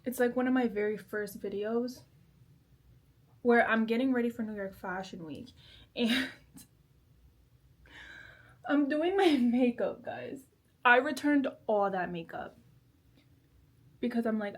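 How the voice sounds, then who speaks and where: Young female vlogger, giggly and chatty, bright-voiced, casual bedroom talk. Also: on the high side, slow, long pauses. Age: 20s. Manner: chatty, giggly, self-deprecating. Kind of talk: casual chat while doing makeup. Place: bedroom at home.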